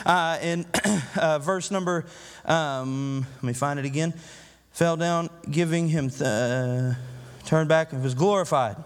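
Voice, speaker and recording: A man's voice: high voice, big-room sound. A man preaching a sermon as pastor, building emphasis through repeated phrases and acting out quotes from his congregation. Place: church sanctuary.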